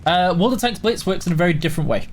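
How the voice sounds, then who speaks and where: A man with a softened Yorkshire accent, hosting a casual livestream and reading out chat questions before answering them in a chatty way, with plenty of "uh"s. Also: high voice, expressive, racing. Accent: Yorkshire, softened toward neutral British. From Yorkshire, England. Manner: chatty, reads questions aloud then answers with many "uh"s.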